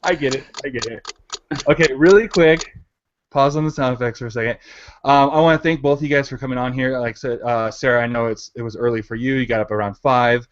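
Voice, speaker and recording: A man's voice: mid-range voice, fast talker, highs cut off. A man hosting a casual panel chat over a video call, rambling with lots of fillers. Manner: rambling, filler-heavy, laughs often. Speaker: host. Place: home in the mountains.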